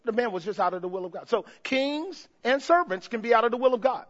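A pastor preaching a sermon, calling out to the congregation and swinging between shouted peaks and hushed passages. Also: male voice, very high voice, lively intonation, quick pace, lo-fi sound.

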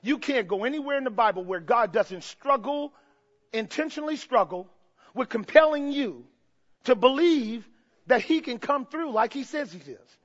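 A male preacher delivering a fervent sermon, swinging from hushed tones to shouts and putting rhetorical questions to the congregation. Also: very high-pitched, lively intonation, normal speed. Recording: dull lo-fi recording.

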